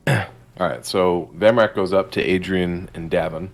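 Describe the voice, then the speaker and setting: A man's voice: sits low, fairly even intonation, a little slow. A man playing a tabletop game, casual and blunt as he describes what his character does. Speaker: player.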